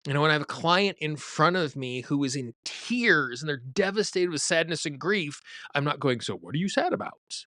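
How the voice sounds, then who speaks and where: A man's voice: fairly high pitch, normal speed, few pauses, pushed and bright, dry recording, clean studio sound. A man hosting a tapping show, teaching in a conversational way with everyday examples. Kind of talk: instructional talk to camera.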